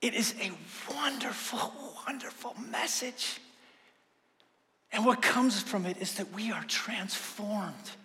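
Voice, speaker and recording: A male pastor preaching a sermon, swinging from hushed slow passages to loud fervent ones. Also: high-pitched. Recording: long hall reverb.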